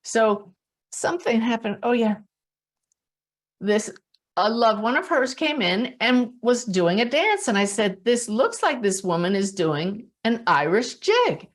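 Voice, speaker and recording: A woman hosting a webinar as a spiritual medium, telling stories in a chatty, animated way and laughing often at her own anecdotes. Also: fairly high pitch, a little slow. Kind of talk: monthly webinar talk, storytelling.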